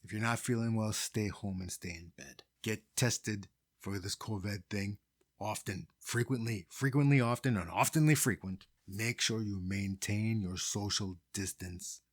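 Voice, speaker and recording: A New co-host wraps up the show with crude, deadpan wisecracks. His voice is low and husky. The room sound is dry and close. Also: unhurried, dry recording. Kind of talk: jokey sign-off.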